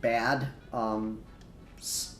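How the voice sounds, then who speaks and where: A man's voice: medium pitch, little pitch movement, extremely slow, reverberant, a little hiss or hum. A man hosting a podcast in casual chat, laughing often and swearing casually. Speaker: podcast host.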